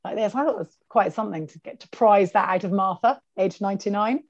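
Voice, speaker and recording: A woman's voice: mid-range voice, fast, no room sound, dull audio. A woman, an author, chatting in a podcast interview over a video call, telling stories animatedly and mimicking the people she quotes. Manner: animated storyteller, quotes people in their voices. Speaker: author and guest.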